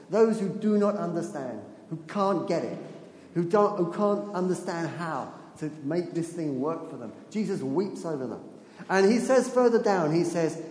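A man's voice: fairly high pitch, darkish tone. A man preaching a sermon in a chatty, storytelling way, laughing often and repeating phrases for emphasis. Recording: echoey hall with faint room noise.

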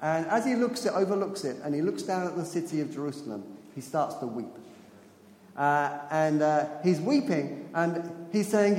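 A man's voice: on the high side, animated, moderate pace, a little mellow. A man preaching a sermon in a chatty, storytelling way, laughing often and repeating phrases for emphasis. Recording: echoey hall with faint room noise.

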